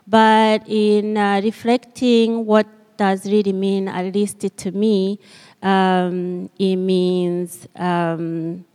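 A woman telling a story to children at church, speaking hesitantly with many pauses and fillers. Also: mid-range voice, a little mellow, smooth, in a large hall.

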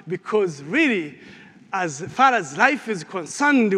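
A man preaching a sermon and closing prayer, telling a story with animated swings from loud to hushed. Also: high voice, slow, husky. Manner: animated storytelling, rising loud then dropping to near whisper. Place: church. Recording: reverberant church hall.

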